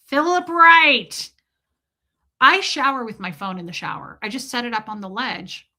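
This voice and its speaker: Bright, chatty woman streamer. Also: mid-range voice, brisk. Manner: chatty, profane, jokey storytelling. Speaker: livestream host reading chat. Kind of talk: casual livestream chat.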